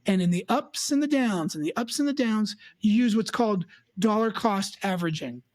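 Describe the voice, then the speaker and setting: Woman financial advisor, punchy and animated, acts out clients, dry sound. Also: medium pitch, normal speed, no echo. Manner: emphatic, lively, mimics clients. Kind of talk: advisory chat show.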